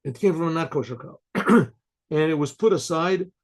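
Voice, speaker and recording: An older man, a rabbi, telling a story to listeners, often clearing his throat and acting out the voices of the people in it. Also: fairly high pitch, lively intonation, normal speed. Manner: frequent throat clearing, acts out quoted voices. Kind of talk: storytelling talk.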